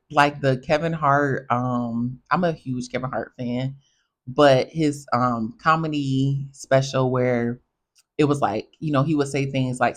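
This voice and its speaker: A young woman hosting a podcast, telling casual stories in a chatty, animated way and talking straight to her listeners. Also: extremely low pitch. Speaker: podcast host. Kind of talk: casual storytelling monologue.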